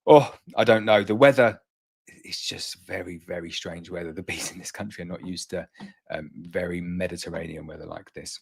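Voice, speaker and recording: A man hosts a casual live beekeeping chat, answering viewers with a rambling, easygoing flow. His speaking voice sits a little low, and it jumps up sharply whenever he reads out a viewer's name. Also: steady tone, normal speed, vocal fry, breathy edge. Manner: chatty, rambling, jumps up in pitch to read out names. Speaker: beekeeping livestream host.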